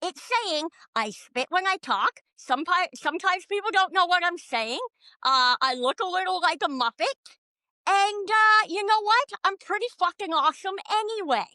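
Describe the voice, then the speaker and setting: A middle-aged woman talking on a podcast in animated, profane, self-mocking rants. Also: extremely high pitch, moderate pace, no echo. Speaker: podcast guest. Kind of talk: casual podcast conversation.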